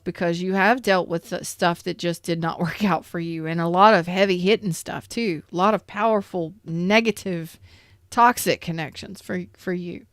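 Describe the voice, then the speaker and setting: A woman reads tarot for her viewers in a smooth, resonant voice that sits fairly low. She talks earnestly and with feeling, circling back over the same phrases. The sound is dry and close. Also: steady tone, moderate pace, no echo. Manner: earnest, repetitive, emotional, addresses viewers directly. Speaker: tarot reader. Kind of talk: tarot reading to camera.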